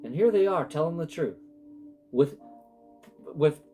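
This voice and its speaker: A man's voice: a little high, lively intonation, measured pace, dark tone. Rambling man reading tarot, faint music. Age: adult with sons. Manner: emotional, rambling, self-interrupting. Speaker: tarot reader. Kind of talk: casual spiritual tarot reading.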